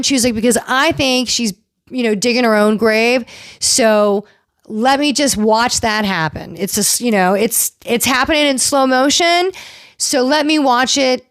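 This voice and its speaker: A chatty woman dishes on reality TV drama in a casual recap, jumping into voices to act out what everyone said. Her voice sits a little high. The sound is dry and close. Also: no echo. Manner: chatty, animated, acts out quotes. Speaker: podcast host recapping reality TV.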